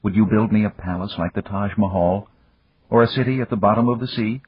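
A man voicing a frightened, fragile young woman who speaks softly and breathlessly. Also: fairly even intonation, brisk, husky, no room sound, muffled recording. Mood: frightened pleading. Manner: soft, uncertain, breathless higher voice.

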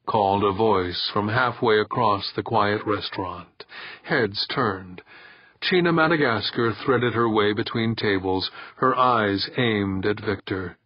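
A man narrating an audiobook in a calm, measured way. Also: on the low side, no room sound, lo-fi sound. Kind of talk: scripted narration.

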